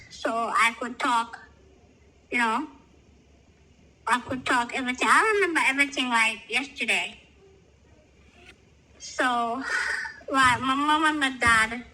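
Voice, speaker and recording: Jamaican woman on a call w voice disguise, super bright tone, halting and slow, lots of ums. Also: fairly high pitch, rough recording. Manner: halting, hesitant, with many pauses and fillers. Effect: voice disguise filter. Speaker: caller sharing her life story. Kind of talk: personal storytelling over a call.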